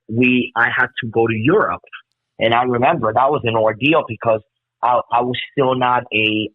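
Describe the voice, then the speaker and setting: A man in his fifties from Cuba, telling stories as a guest musician in an excitable, rambling way, swearing a lot. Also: mid-range voice, husky, dry recording. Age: 50s. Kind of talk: casual storytelling interview. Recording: tinny phone-like call line.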